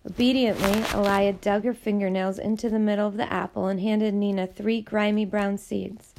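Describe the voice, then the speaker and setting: A woman reading a novel aloud as audiobook narrator, in a steady, measured way with a gravelly voice. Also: medium pitch, noisy background. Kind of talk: scripted narration.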